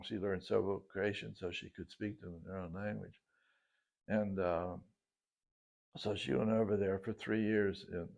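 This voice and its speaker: Low gravelly man, halting reminiscence. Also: darkish tone. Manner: halting, with many restarts and fillers. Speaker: storyteller recounting his life. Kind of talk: casual spoken reminiscence.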